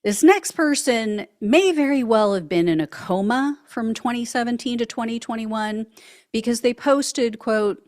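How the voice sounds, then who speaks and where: A woman's voice: a little high, measured pace, darkish tone. A woman hosting a political commentary show, reading social media posts aloud with sarcastic remarks and frequent laughs.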